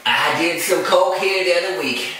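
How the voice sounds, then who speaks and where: A man's voice: high-pitched, normal speed, sharp tone, slight background noise. A man putting on a parody impression of a crude male Hollywood actor who rambles profanely about craving drugs. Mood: boastful. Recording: echoey room, far from the mic.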